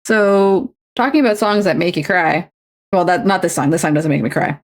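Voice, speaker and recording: A woman with a fairly low pitch speaks at normal speed. She's cross-stitching at home on stream, chatty and self-deprecating, rambling as she tells stories.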